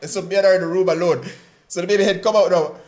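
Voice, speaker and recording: A young man telling a personal story as an interview guest, lively and laughing often as he acts out the voices. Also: sits high, racing.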